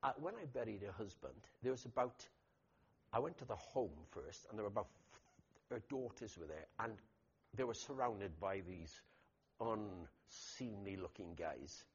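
A man preaching a sermon as pastor, telling stories in an animated way with loud emphatic bursts. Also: on the low side, measured pace, breathy edge. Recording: dull lo-fi recording.

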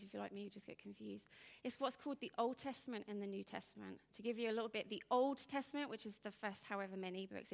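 A woman in her thirties giving an informal, rambling talk, telling stories with bursts of animation and hushed asides. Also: medium pitch, vocal fry, in a large hall. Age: 30s.

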